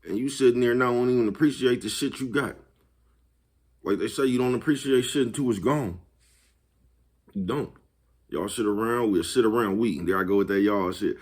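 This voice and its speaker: A man's voice: mid-range voice, normal speed, long pauses, darkish tone, husky. A man hosting his own vlog, talking casually and profanely, chuckling often and repeatedly asking whether you follow him. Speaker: vlog host. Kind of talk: casual motivational monologue.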